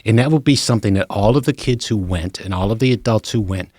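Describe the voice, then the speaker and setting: Low-voiced man, chatty podcast host. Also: fast talker, no room sound, studio quality. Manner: animated, emphatic storyteller. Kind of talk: casual chat.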